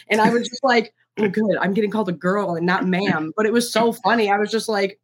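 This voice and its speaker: A woman's voice: mid-range voice, steady tone, quick pace, hardly any pauses, slightly rough. A young woman, a guest co-reviewer, chatting casually about a movie with lots of "like" fillers.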